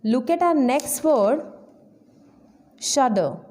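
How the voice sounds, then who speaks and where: A woman, an English trainer, slowly explaining vocabulary words one by one in a lesson. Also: sits high, animated, a little mellow. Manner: slow, deliberate word-by-word explanation.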